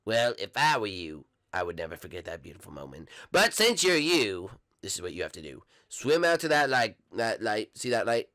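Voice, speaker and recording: A nerdy cartoon sidekick, as a man voices him, stammering and giggling nervously. His bright, tense voice bounces around lively and comes through close and dry. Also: on the low side, moderate pace, hardly any pauses, no echo.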